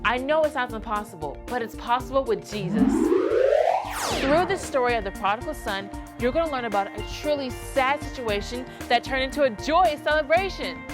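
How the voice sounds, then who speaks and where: A woman presenting a children's devotional video, talking in a fairly high, friendly voice and asking the viewer lots of questions. A clear music bed plays behind her. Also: lively intonation, moderate pace. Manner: chatty, asks the viewer questions.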